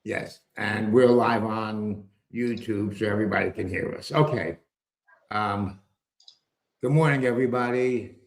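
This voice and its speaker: Slow and gravelly, his fairly low voice carries a live market commentary stream hosted by a man who drifts through wry asides and mild cursing. He's a trading show host using an earpiece with a microphone, and the audio sounds roomy and echoey.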